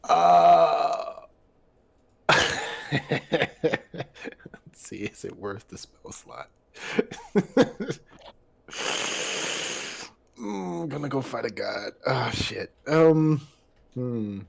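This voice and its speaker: A man's voice: fairly high pitch, expressive, very slow, creaky, long pauses. A man playing in a tabletop game, hesitant and giggly, hedging with lots of fillers. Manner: hesitant, laughing, full of fillers. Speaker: player. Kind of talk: casual tabletop play.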